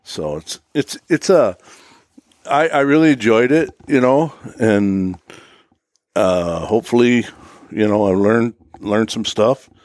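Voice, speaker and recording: Low-voiced guy rambling about a hunting trip, "you know" every few words, dry mic. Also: slow pace, darkish tone, no echo. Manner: rambling, filler-heavy, says "you know" constantly. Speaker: podcast guest. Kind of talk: casual hunting chat.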